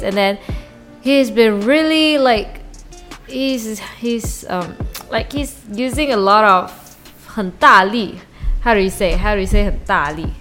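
A woman whose first language is Mandarin Chinese, hosting a solo diary podcast and talking haltingly as she searches for English words and restarts her sentences. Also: on the high side, fairly bright tone. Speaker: podcast host.

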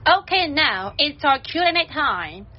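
A woman reading a children's story aloud and pronouncing vocabulary words with slow, careful enunciation. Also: high voice, sing-song, dull audio. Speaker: story narrator and vocabulary teacher.

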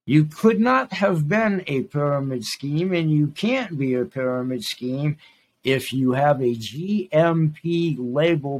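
A man's voice: a little high, vocal fry, slightly rough. A man in his sixties hosting his own podcast, talking in an emphatic, rambling monologue that repeats phrases for stress. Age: 60s. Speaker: podcast host. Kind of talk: casual monologue.

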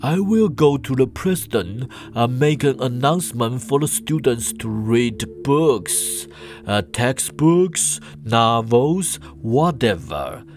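A man voicing an eccentric male professor who is very pleased with himself and explains slowly. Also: mid-range voice, expressive, faint music behind. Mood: smug explaining.

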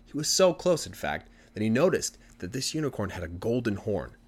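A man retelling a story for language learners in an animated, conversational way. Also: on the low side, fairly quick, husky.

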